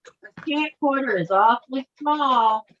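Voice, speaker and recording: High-voiced woman friend on a video call, sing-songy, slow, kinda muffled. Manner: expressive, teasing, exclaims a lot. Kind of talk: casual chat.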